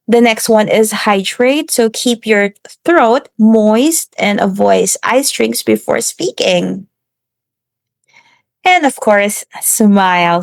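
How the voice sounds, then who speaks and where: A woman presenting a class lesson on relaxing the voice, steady and instructive, with some slips and restarts. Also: mid-range voice, gravelly, dry recording. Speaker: student presenter.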